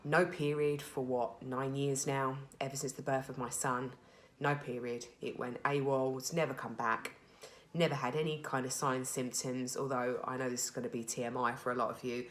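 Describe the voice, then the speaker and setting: Very low-voiced British woman, candid diary. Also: flat delivery, moderate pace. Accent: British English. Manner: chatty and candid, rambling with many fillers and restarts. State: a little emotional. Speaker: vlogger sharing her recovery. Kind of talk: candid personal video diary.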